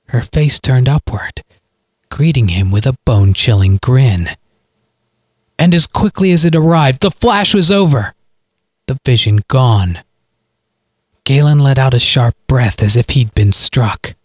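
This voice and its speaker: A man narrating his own audio story with dramatic, expressive storytelling. His pitch moves in a lively, animated way, and his voice has a slightly husky grain. The recording is close and dry. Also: a little slow, pauses often, no echo. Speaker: podcast author and narrator.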